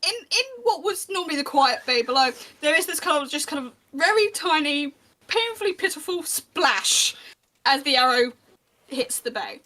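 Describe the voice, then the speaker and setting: A woman running a tabletop game as game master, narrating scenes in a chatty, descriptive way. Her voice is high and bright, with a sharp edge. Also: animated, normal speed. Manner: descriptive, chatty, with small restarts.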